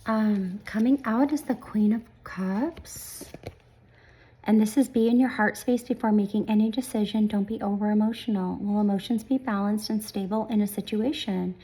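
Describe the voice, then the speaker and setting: A woman doing a casual tarot reading at home, talking softly and often dropping to a whisper. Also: mid-range voice, steady tone, normal speed, rough recording. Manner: soft-spoken, often hushed to a whisper. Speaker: tarot reader. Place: home room with sleeping dogs nearby.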